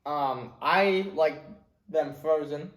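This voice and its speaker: A man's voice: a little high, slow, fairly bright tone. Playful man hosting a food review. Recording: echoey room.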